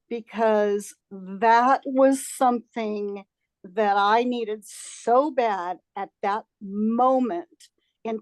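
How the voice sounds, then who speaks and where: A woman in a group call sharing a personal story slowly and with feeling. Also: medium pitch, dry recording. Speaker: group member. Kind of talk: casual sharing.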